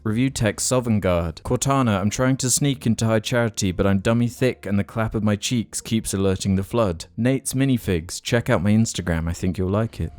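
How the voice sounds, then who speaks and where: Low smooth-voiced man reading shout-outs. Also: no echo. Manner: rapid deadpan reading of absurd lines, frequent laughs. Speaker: podcast co-host reading patron shout-outs. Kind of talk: casual podcast banter.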